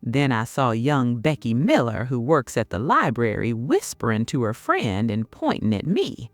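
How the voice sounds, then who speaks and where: A woman's voice: a bass voice, very animated, moderate pace, no echo, studio quality. A middle-aged woman with a Southern US accent, telling a first-person story in a folksy way. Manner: folksy, addresses listener as honey. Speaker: narrator.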